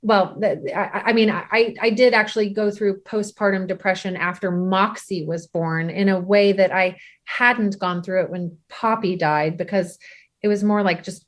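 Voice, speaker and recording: Halting, tender woman telling her story. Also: mid-range voice, steady tone. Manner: halting, many restarts, tearful at times. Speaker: guest, bereaved mother. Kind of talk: emotional personal storytelling.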